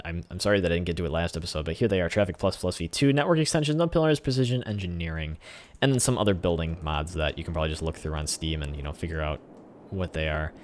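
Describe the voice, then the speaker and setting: Chatty low-voiced gaming man. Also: a little hiss or hum. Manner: rambling, talks to the game, erupts in shouted cheers. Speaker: gaming channel host. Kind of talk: casual gameplay commentary.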